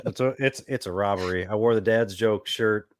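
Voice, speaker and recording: A man's voice: lowish voice, moderate pace, dry recording. A man guesting on a casual podcast, arguing his point earnestly and with enthusiasm. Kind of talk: casual banter among friends.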